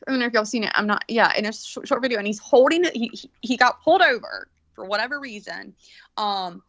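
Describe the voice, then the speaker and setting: A woman's voice: on the high side, fast talker, a bit bright, dry recording, muffled recording. A woman telling stories in casual chat, rambling with lots of restarts. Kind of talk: casual storytelling.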